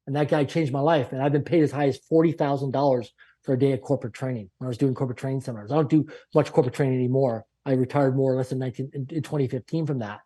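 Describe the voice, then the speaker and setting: A man telling a personal story as a podcast guest, animated and emphatic with repeated phrases. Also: mid-range voice, racing.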